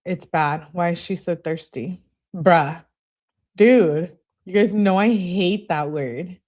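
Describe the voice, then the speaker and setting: A woman's voice: on the low side, takes it slowly, a little mellow. Casual woman reading texts aloud. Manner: reads texts aloud with blunt, profane asides and greets viewers. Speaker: channel host reading case evidence. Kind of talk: casual reading of text messages with running commentary.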